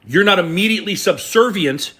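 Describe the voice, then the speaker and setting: A man's voice: high-pitched, expressive, a little fast, pushed and bright. A man giving blunt, profane commentary, telling a story before turning angry. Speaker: online commentator.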